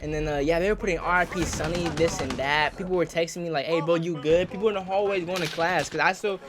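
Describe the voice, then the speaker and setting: Fast and fairly high-pitched, a young man tells an embarrassing story while playing a shooter, the gunfire audible behind him in a noisy background. He creates gaming videos and speaks in casual, animated slang, saying "bro" a lot.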